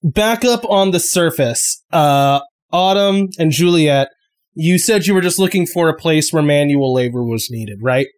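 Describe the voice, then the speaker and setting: A man's voice: a little high, lively intonation, measured pace. A man running a tabletop game as game master, narrating loosely with many likes and uhs, while sick.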